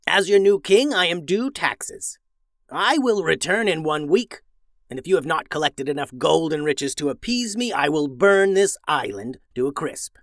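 A man voicing an arrogant evil wizard who crowns himself king, speaking in slow, booming, threatening proclamations. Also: animated, dry recording, studio quality. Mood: proclaiming.

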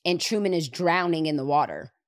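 A woman hosting a podcast, retelling a movie scene in an animated way and repeating words for emphasis. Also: low-pitched, a little fast, no echo, clean studio sound. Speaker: podcast host. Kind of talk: retelling a movie in casual chat.

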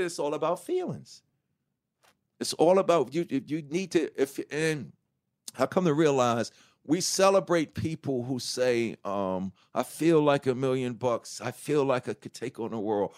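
In an interview, a middle-aged male guest shares his life story with candor, cursing freely and performing others' quotes in an animated way. He talks at a moderate pace with a medium-pitched voice.

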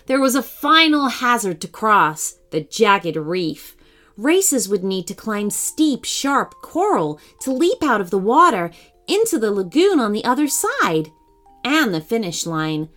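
A woman reads a children's adventure story aloud with lively, animated expression. Her voice sits fairly high and swings widely in pitch as she tells the tale. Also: unhurried. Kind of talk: children's bedtime story narration.

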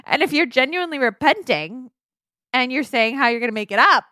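A woman co-hosting a podcast in casual chat, animated and joking, acting out mock apologies. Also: sits high, brisk, dry recording, clean studio sound. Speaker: podcast co-host.

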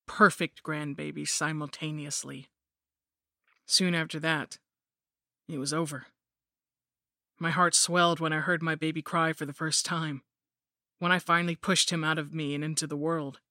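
A woman's voice: low-pitched, pushed and bright, no echo, studio quality. Woman narrating a grim horror story.

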